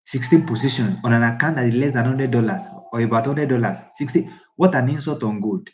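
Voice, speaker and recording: A man's voice: medium pitch, fairly quick, darkish tone, dull audio, a little hiss or hum. A man who coaches traders in a casual live class, talking in an emphatic, repetitive, preachy way. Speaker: trading coach.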